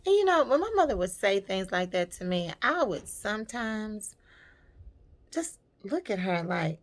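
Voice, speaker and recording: A woman's voice: medium pitch, sing-song, measured pace. A woman vlogger telling a personal story in a heartfelt, reflective and emotional way.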